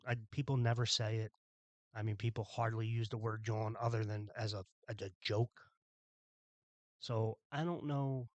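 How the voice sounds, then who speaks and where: A man's voice: lowish voice, no room sound, highs cut off. A man from Philadelphia hosting a solo podcast, ranting bluntly with exasperation and plenty of profanity. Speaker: podcast host.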